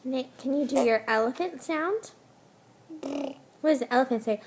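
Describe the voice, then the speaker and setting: A woman's voice: sits high, normal speed. A mother coaxing her toddler at home, in sing-song baby talk, on a home video. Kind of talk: talking to a toddler. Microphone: handheld camera.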